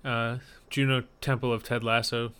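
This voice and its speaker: A man's voice: mid-range voice, flat delivery, normal speed, bright, forceful tone, clear, resonant tone. A man co-hosting a casual podcast chat, matter-of-fact with dry humor. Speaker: podcast co-host.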